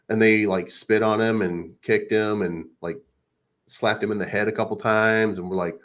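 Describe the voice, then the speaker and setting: Low-voiced man ranting crudely. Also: steady tone, normal speed, fairly bright tone. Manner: rambling, crude and mocking, many fillers. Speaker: crypto channel host. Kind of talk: casual unscripted rant. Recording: dull lo-fi recording.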